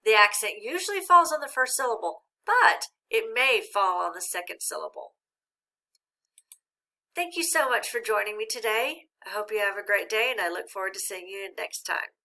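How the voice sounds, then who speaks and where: A woman teacher giving a recorded reading lesson, speaking slowly and clearly and encouraging young learners. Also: mid-range voice, expressive, pushed and bright.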